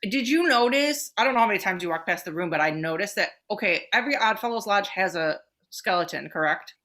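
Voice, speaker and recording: A woman co-hosting a podcast, telling stories in a loose, excited way, with plenty of swearing and "like" fillers. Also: medium pitch. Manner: swears freely, fast excited storytelling with many fillers. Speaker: podcast co-host. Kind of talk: casual chat.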